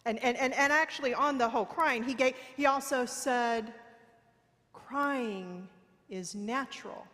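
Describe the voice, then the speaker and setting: A woman's voice: high voice, fairly even intonation, moderate pace, hardly any pauses, fairly bright tone. A woman preacher giving a sermon in a church, telling a candid personal story with playful self-mockery. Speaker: guest preacher. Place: church sanctuary. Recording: long reverb of a large hall.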